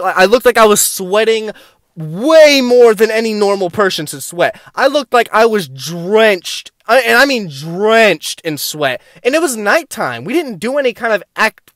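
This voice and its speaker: Young male vlogger, higher-pitched, profane and rambling, dry close sound. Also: a bit bright, dry recording. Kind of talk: casual storytelling to camera.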